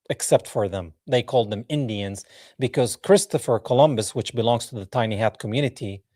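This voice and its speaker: A man's voice: medium pitch, mellow, no echo, studio quality. A man hosting a live podcast, reacting to clips with mocking, sarcastic commentary and laughter. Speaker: podcast host.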